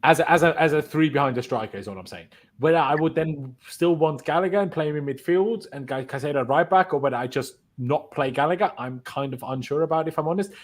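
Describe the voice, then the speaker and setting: A man's voice: a little high, fast talker. A man hosting a casual football chat on a live stream, opinionated and talking through his reasoning aloud. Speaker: host.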